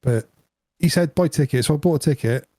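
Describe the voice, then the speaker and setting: Laughing storyteller. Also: male voice, a little high, brisk, dry recording. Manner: animated storyteller, laughs a lot. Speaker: podcast co-host. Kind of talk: casual chat.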